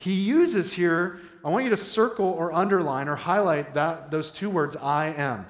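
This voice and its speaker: A male pastor preaching an animated sermon, shifting between loud emphatic bursts and slow, quiet phrases. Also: a little high. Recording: echoey hall reverb.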